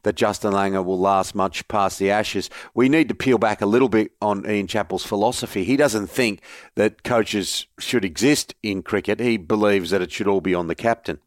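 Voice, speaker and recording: A man's voice: on the low side, moderate pace, dry recording, studio quality. A middle-aged Australian man hosting a sports radio show in an upbeat, chummy announcer style. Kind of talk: casual sports radio chat.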